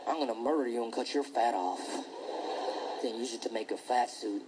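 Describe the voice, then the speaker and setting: A man voicing a menacing schoolboy bully who makes slow, deadpan threats in a deep growl. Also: heavy background noise, natural voice.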